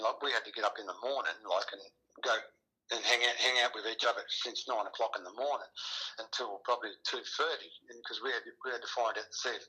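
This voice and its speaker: A man's voice: medium pitch, bright, forceful tone, slightly rough, rough recording. A middle-aged man, a retired rugby player, talking casually as an interview guest, rambling with many restarts and fillers. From Australia.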